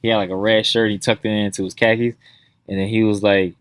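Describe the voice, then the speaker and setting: A man's voice: on the low side, fairly quick, clear, resonant tone, dry recording. A man co-hosting a podcast in casual chat, telling funny stories and acting out the people in them, swearing freely. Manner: animated storyteller, acts out quotes, swears freely. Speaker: podcast co-host.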